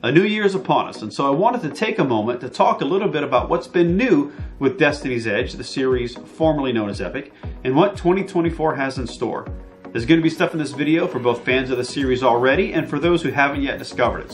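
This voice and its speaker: A man's voice: medium pitch, lively intonation, fast talker, faint music behind. A middle-aged man, an author talking about his book series in a casual direct-to-camera vlog, chatty and self-deprecating with playful asides.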